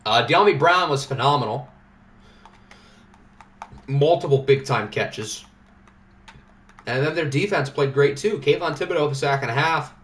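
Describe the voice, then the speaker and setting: A man's voice: on the high side, normal speed, pauses often, fairly bright tone. A man hosting a live stream of a simulated football league, chatting casually and joking as he goes over results. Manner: chatty, joking, thinks aloud. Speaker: livestream host. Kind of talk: casual sports sim commentary.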